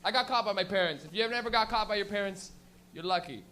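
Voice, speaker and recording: A man's voice: sits high, fast, slight background noise. Laughing, profane young male stand-up. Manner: animated, profane storytelling, laughing at his own jokes. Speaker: stand-up comedian. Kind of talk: stand-up comedy set.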